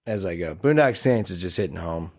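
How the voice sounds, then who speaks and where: A man's voice: sits low, animated, brisk, a little mellow. A man from Kansas, a podcast guest who works as an actor and comedian, chatting playfully and swearing freely. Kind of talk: casual chat.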